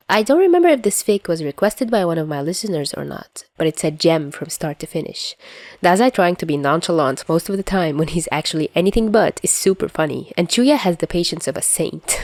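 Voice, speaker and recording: Brief: young woman, low-ish voice, calm podfic narration, close dry mic. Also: no room sound. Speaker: podfic reader. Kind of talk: reading fan fiction aloud.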